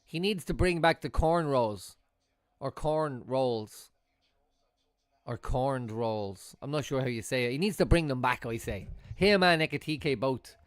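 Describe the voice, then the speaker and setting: A young man giving casual, excitable live commentary as a fan streamer watching a football match, swearing and breaking into loud outbursts. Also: a little high, normal speed, hardly any pauses, no echo, studio quality.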